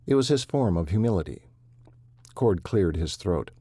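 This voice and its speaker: A man narrating an audiobook in a measured, steady storytelling manner. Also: low-pitched, slightly rough, no room sound.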